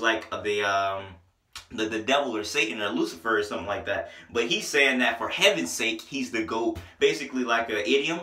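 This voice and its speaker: A man's voice: mid-range voice, sharp tone, roomy sound. A young man giving a casual, slangy music review. He jokes and rambles, repeats himself, and sounds worn down by a headache. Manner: loose, joking, slangy, trails off and repeats himself. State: has a headache, low-energy at times. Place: small indoor room.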